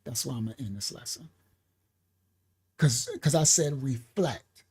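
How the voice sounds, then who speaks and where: A woman from New York preaching a spiritual teaching, laughing often, calling out to listeners by name and slowing down to stress key words. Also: extremely low pitch, lively intonation, darkish tone, breathy edge. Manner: slows down to stress single words. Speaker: minister. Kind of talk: livestreamed sermon teaching.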